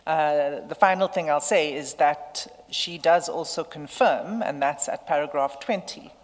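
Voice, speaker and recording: Low-voiced woman counsel. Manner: measured, citing page and paragraph numbers. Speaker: legal counsel. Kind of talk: formal legal submission at a hearing. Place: large hearing room. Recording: echoey hearing room with faint hum.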